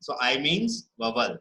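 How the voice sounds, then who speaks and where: A man's voice: on the high side, bright, forceful tone, low-quality recording. A man teaching a spelling lesson over a video call, repeating words and checking that his students follow. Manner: repeats words for emphasis, checks understanding often. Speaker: English teacher. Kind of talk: online class lecture.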